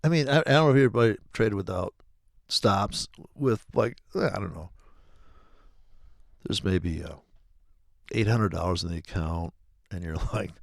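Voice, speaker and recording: A man's voice: fairly low pitch, normal speed, gravelly, dry recording, studio quality. A middle-aged man hosting a trading video, rambling in a profane, joking way. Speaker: forex trading video host. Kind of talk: casual rambling monologue.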